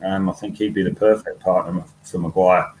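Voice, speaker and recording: Low-voiced man, blunt fan panelist. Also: steady tone, normal speed, a little mellow, a little hiss or hum, poor audio. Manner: blunt, wry, with many fillers. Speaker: podcast panelist. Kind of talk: fan podcast discussion.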